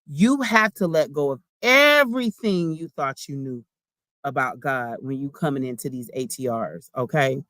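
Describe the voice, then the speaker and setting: A woman's voice: very deep voice, normal speed, fairly bright tone, no room sound. A woman giving a casual spiritual card reading, chatty and slangy, talking straight to her viewers. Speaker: spiritual reader.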